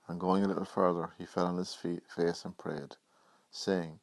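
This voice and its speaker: A man preaching a Good Friday sermon, reading scripture in an earnest, measured way. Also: low-pitched, flat delivery, creaky, no room sound.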